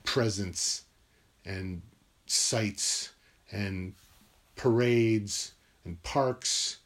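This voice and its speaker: A man's voice: lowish voice, drawn-out words. Man, solo monologue, meandering, musing, swears, recorded in his room. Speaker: vlogger.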